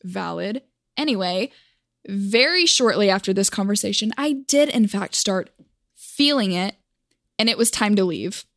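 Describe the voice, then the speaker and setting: A woman's voice: medium pitch, lively intonation, unhurried, no room sound, studio quality. A young woman from Oklahoma telling a personal story for a vlog in a wry, self-mocking, chatty way.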